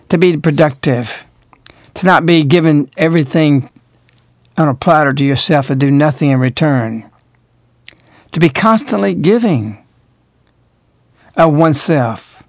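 A man's voice: on the high side, expressive, a little slow, pauses often, no echo, clean studio sound. A man hosting a radio talk show, delivering emphatic, moralizing commentary full of rhetorical questions.

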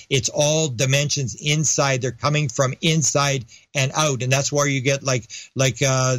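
In casual interview chat on a podcast, a man with a mid-range, fairly bright voice rambles and restarts his sentences. He slips into raised voices when acting out quoted dialogue, and there's no room sound.

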